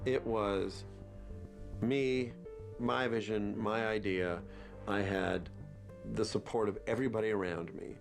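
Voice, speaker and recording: A man's voice: lowish voice, steady tone, slow pace, creaky, long pauses. A man, a special effects artist and director, speaking in an enthusiastic, explanatory documentary interview. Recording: music under the voice. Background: music.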